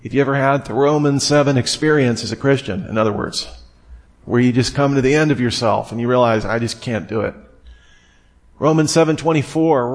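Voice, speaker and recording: Guy teaching scripture, calm and explaining step by step, average pitch. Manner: measured, explanatory, reads scripture aloud. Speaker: Bible teacher. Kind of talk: expository Bible teaching.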